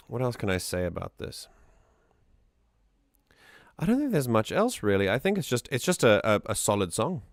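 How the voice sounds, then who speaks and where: A man's voice: mid-range voice, big pitch swings, a little slow, pauses often, no room sound, clean studio sound. A man streaming casual music-analysis commentary, enthusiastic and rambling, often restarting his sentences.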